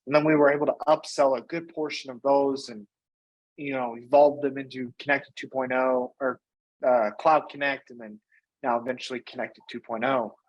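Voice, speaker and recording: A man being interviewed as a guest, telling his business story in a casual, energetic way and often tagging on "right?" and "you know". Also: medium pitch, normal speed, highs cut off. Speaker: guest, company founder and CEO.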